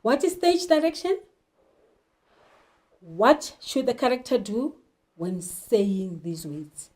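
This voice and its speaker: A woman's voice: a little high, sing-song, slow pace, darkish tone, poor audio. A woman teaching a literature lesson, talking emphatically and putting questions to her learners. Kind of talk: televised classroom lesson.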